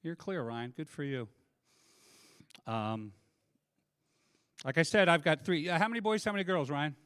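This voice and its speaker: Middle-aged male comic, animated storyteller, slightly high voice. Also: moderate pace, smooth. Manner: self-deprecating, animated storytelling. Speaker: stand-up comedian. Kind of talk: stand-up comedy set. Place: live comedy stage. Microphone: handheld microphone.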